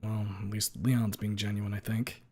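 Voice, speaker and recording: A man's voice: level tone, normal speed, darkish tone. Man muttering visual novel narration. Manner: low, muttered inner monologue with swearing. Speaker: streamer reading a visual novel. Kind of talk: reading narration aloud.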